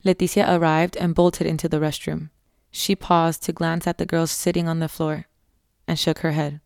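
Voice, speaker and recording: A woman narrating a scripted horror story in a measured, somber way, close to the mic. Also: sits low, little pitch movement, creaky, a little mellow, clear, resonant tone, dry recording.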